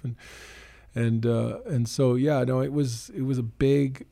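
A man's voice: medium pitch, steady tone, a little slow, gravelly, dark tone, dry recording. A middle-aged Canadian man and preacher, telling his story earnestly and emphatically in a casual interview, sometimes quoting others. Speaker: guest, preacher.

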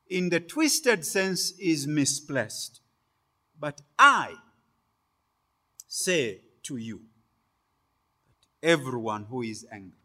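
Emphatic high-voiced male preacher. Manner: emphatic, with sudden loud stresses on key words; deliberate, phrase by phrase delivery. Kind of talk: sermon.

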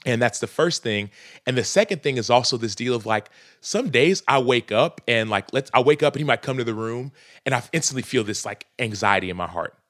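A man's voice: mid-range voice, animated, brisk, fairly bright tone, no echo, clean studio sound. A man in his thirties, a podcast guest talking earnestly and reflectively in casual conversation, often breaking into laughs.

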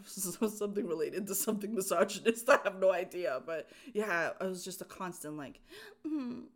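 A woman co-hosting a podcast, chatting casually and telling an animated story with fillers and laughs. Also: fairly low pitch. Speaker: podcast co-host. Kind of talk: casual chat.

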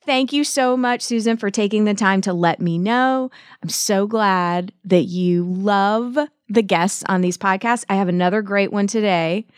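A woman's voice: medium pitch, a little slow, clean tone, dry recording, studio quality. A woman in her forties with a Southern US accent, hosting a podcast and interviewing a guest with gushing, exclamatory energy. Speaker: podcast host.

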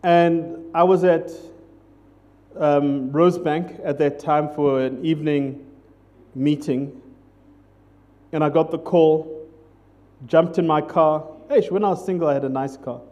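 A pastor preaching in an unhurried, easygoing sermon. His voice sits high for a man yet sounds mellow and warm. He keeps it conversational and jokey, checking in with the congregation as he goes. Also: steady tone, lo-fi sound.

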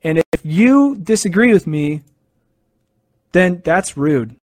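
A young man with a fairly high voice talks about basketball in a casual monologue. He tells his stories with excited, animated energy and quick asides. The recording is dry and close, with no room sound. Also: no room sound. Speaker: sports fan sharing opinions.

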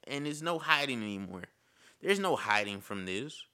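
Fired-up guy talking straight to camera, lots of repeating himself, says bro, bright tone. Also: medium pitch, very animated, moderate pace, clear, resonant tone. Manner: impassioned, repetitive, says "bro". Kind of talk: casual opinion monologue.

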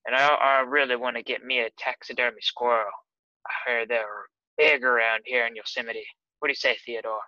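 A man playing a prankish old boss in a tabletop game, genteel and fussy, forgetting his words. The voice is bright and forceful on a slightly dull, dry recording. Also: mid-range voice, fairly even intonation, fairly quick, no room sound. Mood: self-satisfied. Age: older. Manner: genteel, fussy, prone to memory lapses. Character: bossy old male office boss in wheelchair, prankish.

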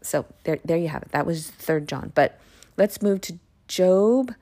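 Mellow-voiced woman musing on scripture. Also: lowish voice, lively intonation, normal speed. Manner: chatty, reads scripture aloud then muses, drops to whispered asides. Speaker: Bible reading podcaster. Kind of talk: casual Bible reading and commentary.

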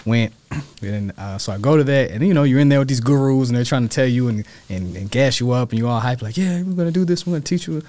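This real estate agent talks fast in a mid-range voice, with no echo, as he tells his story in an informal interview. He's animated, acting out quoted lines in a raised voice.

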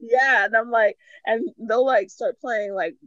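Lively laughing woman podcast co-host. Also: fairly high pitch, a little slow, dry recording, muffled recording. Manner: animated storytelling, laughs often, acts out her kids' voices. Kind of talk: casual chat.

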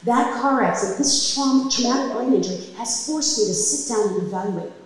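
A middle-aged woman telling a personal story on a comedy club stage, emphatic and impassioned, building to loud peaks. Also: a little high, brisk. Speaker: storyteller at a live event. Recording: distant mic, echoey hall reverb, faint noise.

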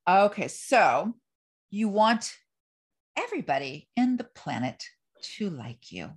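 A woman's voice: mid-range voice, sing-song, slow, husky. A woman co-hosting a podcast in casual chat, frank and joking with a blunt edge. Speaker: podcast co-host.

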